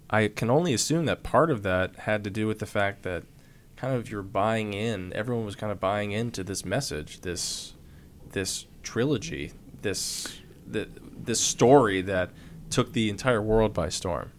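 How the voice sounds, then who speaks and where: A man's voice: on the low side, a little slow, slight background noise. A man interviewing a guest in a casual conversation, affirming what he hears.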